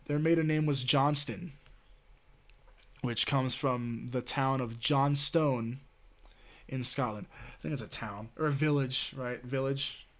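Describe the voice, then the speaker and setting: A man from the American Southwest chatting casually with his stream audience, rambling and swearing, full of "you know" and "like". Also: medium pitch. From Southwestern United States.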